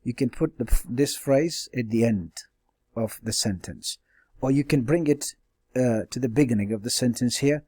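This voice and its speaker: A man's voice: medium pitch, normal speed, darkish tone, slightly rough, no room sound. A male teacher giving a classroom lecture, explaining step by step with many fillers and frequent checks like "all right?". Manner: hesitant fillers and self-corrections. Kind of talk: classroom lecture on stylistic devices.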